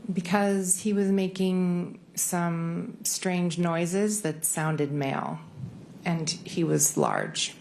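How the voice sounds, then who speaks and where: A woman testifying in court, answering briefly and hesitantly. Her voice is low with a gravelly creak, and she speaks slowly. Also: big pitch swings, a little mellow. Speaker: trial witness.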